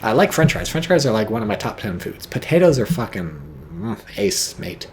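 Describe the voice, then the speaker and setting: A man giving casual, rambling game commentary, joking and swearing and getting excited as things happen. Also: medium pitch, fast talker, a little hiss or hum. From not British. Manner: rambling, jokey, swears freely, gets excited.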